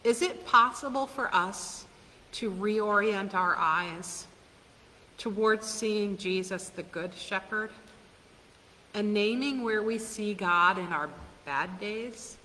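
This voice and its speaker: Woman pastor, sermon, slow and deliberate delivery, earnest questioning tone, long church reverb, faint hiss. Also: mid-range voice. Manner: earnest, questioning, with soft laughs. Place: church sanctuary.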